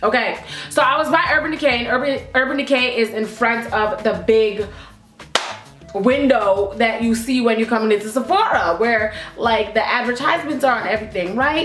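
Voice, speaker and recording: A young woman telling a casual storytime vlog in a sassy, blunt and animated way, recorded on a camera mic in an indoor room. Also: on the high side, moderate pace. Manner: sassy, animated and blunt, swinging into a loud put-on diva voice. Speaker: vlogger. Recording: echoey room with faint music.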